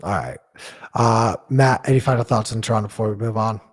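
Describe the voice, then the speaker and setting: A man's voice: lowish voice, a little fast. A man co-hosting a casual sports podcast, blunt and profane, ranting and laughing at his own jokes. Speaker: podcast co-host.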